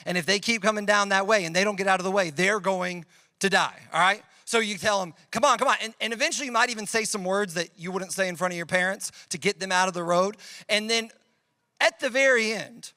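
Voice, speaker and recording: A youth pastor with a high, bright, forceful voice preaches to students in a relaxed, conversational way. He leans on storytelling examples to make his points. The recording is dry and close, with no room sound. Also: dry recording. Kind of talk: youth sermon.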